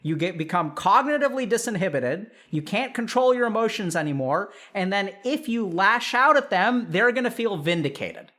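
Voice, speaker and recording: A man hosting a stream, giving casual advice and acting out dialogue with animated delivery. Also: high voice, moderate pace, hardly any pauses. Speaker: host.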